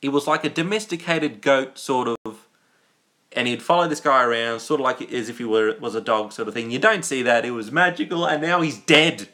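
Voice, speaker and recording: A man's voice: medium pitch, brisk, pushed and bright. A young Australian man hosting a casual livestream, reading viewer comments and rambling in a goofy, playful way. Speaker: livestream host.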